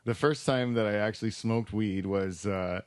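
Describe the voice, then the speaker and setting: A man hosts a loose, rambling podcast chat, laughing often and restarting his sentences. His voice sits a little low and is picked up dry and close, with no room sound. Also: normal speed, a little mellow, no room sound. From Canada. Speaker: podcast host. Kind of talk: casual chat.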